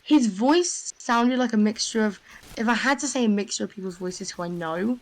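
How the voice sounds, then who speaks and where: A young woman telling a rambling, excitable story in casual voice chat, full of fillers. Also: medium pitch, moderate pace, rough recording. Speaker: gamer.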